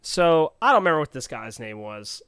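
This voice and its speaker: A man co-hosting a podcast, telling a story in a casual, animated, playful way and quoting other people in quick bursts. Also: mid-range voice, clean tone, dry recording, clean studio sound. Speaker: podcast co-host.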